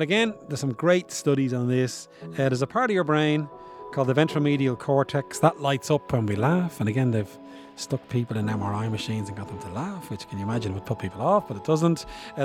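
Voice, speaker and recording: A man explaining science in a casual, chatty way, often asking his listeners rhetorical questions. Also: medium pitch. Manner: chatty, asks rhetorical questions, demonstrates laughs. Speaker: science presenter. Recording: dry with faint music behind.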